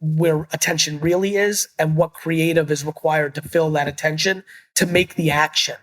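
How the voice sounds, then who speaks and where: A man's voice: on the high side, steady tone, normal speed, fairly bright tone. A middle-aged man as a guest in a business interview, talking in an emphatic, blunt way and swearing casually. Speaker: guest, entrepreneur.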